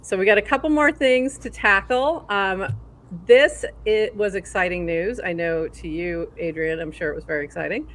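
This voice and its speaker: A woman co-hosting a casual livestream, upbeat and quick to laugh as she runs through the news. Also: mid-range voice, fairly bright tone. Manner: upbeat, laughs often, reads news items. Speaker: co-host.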